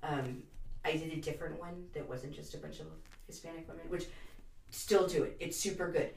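A woman guest in a casual podcast chat, an animated storyteller who swears freely. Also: sits low, fairly quick, creaky, echoey room, far from the mic.

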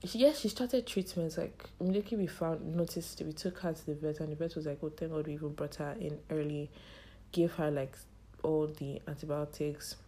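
A young woman hosting a podcast, telling a personal story in a halting, tearful way with a strained, choked-up voice. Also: deep voice, steady tone, dark tone. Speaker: podcast host. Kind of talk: personal monologue.

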